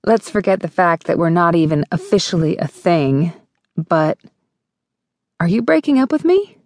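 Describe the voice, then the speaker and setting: A woman's voice: lowish voice, moderate pace, no echo, clean studio sound, lightly acted. A woman voicing a blunt, sarcastic young female college student in an audiobook.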